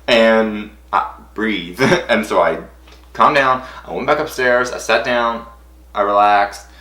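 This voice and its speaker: A young man with a bright, forceful voice pitched a little low tells a story for his vlog. He rambles with excitement and keeps stacking "and I was like". The room around him rings with echo. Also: slow pace. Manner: breathless, rambling, acts out quotes in high squeals. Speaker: vlogger.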